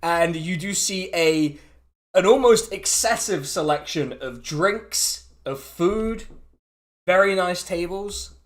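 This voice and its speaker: A man's voice: high voice, animated, slow pace. An English man narrating as dungeon master in a laid-back way, laughing often. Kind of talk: narrating a tabletop game.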